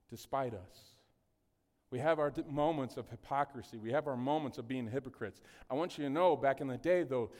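A man preaching a casual, joking sermon, often asking the congregation questions. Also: fairly high pitch. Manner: chatty, jokey, often asks the congregation questions. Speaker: pastor. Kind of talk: conversational sermon. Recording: long hall reverb.

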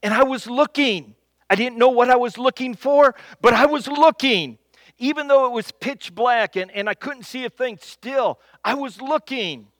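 High-voiced man telling a funny story. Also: fairly bright tone, no room sound. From Michigan. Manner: dramatic pauses, repetitions, building suspense. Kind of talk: humorous personal storytelling.

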